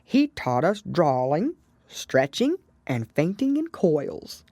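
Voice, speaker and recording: A woman voicing a sorrowful male sea creature in an audiobook, with a hollow tone and a slow, mournful, sobbing delivery. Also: sits low, sing-song, warm tone, dry recording, exaggerated voice. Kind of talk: audiobook character reading.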